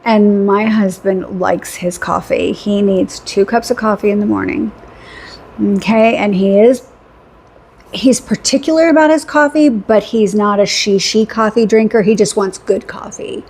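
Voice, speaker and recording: A middle-aged woman with a husky, slightly breathy voice tells a story in a rambling, chatty vlog. She laughs often and leans on repeated phrases for emphasis. Her pitch sits in an ordinary middle range. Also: darkish tone. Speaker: vlogger. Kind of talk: casual storytelling.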